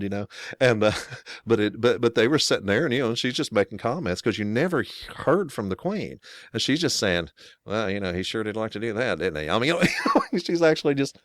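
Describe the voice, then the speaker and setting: Low-voiced rambling American man. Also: no room sound, studio quality. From United States. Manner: rambling, many restarts and "you know". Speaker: podcast co-host. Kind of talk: casual chat.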